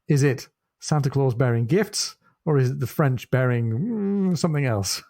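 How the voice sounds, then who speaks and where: A man's voice: medium pitch, moderate pace, darkish tone. A man co-hosting a podcast in casual chat, reading out announcements and asking his co-host questions. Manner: chatty, reads out announcements.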